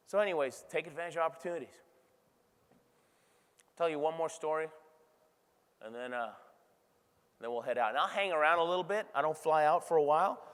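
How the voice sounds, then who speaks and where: A middle-aged man delivers a motivational keynote with energy and a chatty, audience-checking manner. His voice sits slightly higher than most men's. The sound carries the long reverb of a large convention hall. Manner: energetic, conversational, frequent tag questions to the crowd. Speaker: keynote speaker.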